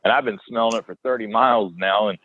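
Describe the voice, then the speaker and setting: A man's voice: on the low side, fast, no echo. A man co-hosting a podcast, casually telling a gross work story and acting out the quotes as he goes. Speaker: podcast co-host, dead animal removal worker. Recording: dry phone-like line.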